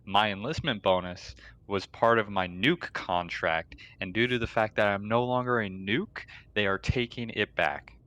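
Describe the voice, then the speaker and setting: A man's voice: lowish voice, moderate pace, hardly any pauses, sharp tone. A man in the navy griping bluntly about his enlistment contract during casual voice chat. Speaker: navy sailor.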